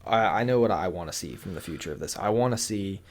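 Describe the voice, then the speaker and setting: A young man co-hosting a gaming podcast in casual chat, relaxed and agreeable, often repeating himself. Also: low voice, fast talker. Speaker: podcast co-host.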